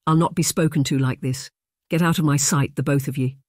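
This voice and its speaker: A man's voice: a little high, steady tone, brisk, dry recording, studio quality, natural voice. A man reading an audiobook, voicing a bad-tempered, blustering laird. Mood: angry. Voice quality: harsh, raging.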